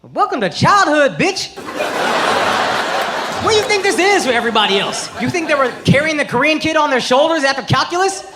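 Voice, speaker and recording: Speaking fast and expressively at an extremely high pitch with few pauses, this stand-up comedian in his thirties delivers a profane, punchy, brash routine. He holds a handheld mic on a club stage, and the crowd's loud laughter and noise are heard throughout.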